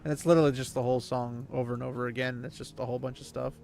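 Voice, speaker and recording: A man's voice: medium pitch, little pitch movement, racing, vocal fry, a little mellow. A man streaming a video game, chatting casually and rambling with plenty of fillers. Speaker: gaming streamer. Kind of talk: casual chat while playing a video game.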